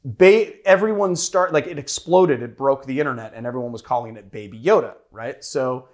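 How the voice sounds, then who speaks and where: A man's voice: mid-range voice, normal speed. A man hosting a cocktail show in casual chat, playfully teasing his co-host.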